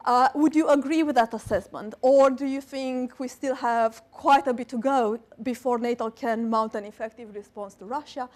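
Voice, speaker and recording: A woman's voice: a little high, moderate pace, hardly any pauses, a little mellow. A woman moderating a panel discussion, polished and formal.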